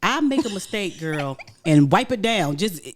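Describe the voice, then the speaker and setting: A woman's voice: medium pitch, a little slow. A woman co-hosting a casual talk podcast, telling playful stories about home life. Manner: lively storyteller, playful, laughs often. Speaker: podcast co-host.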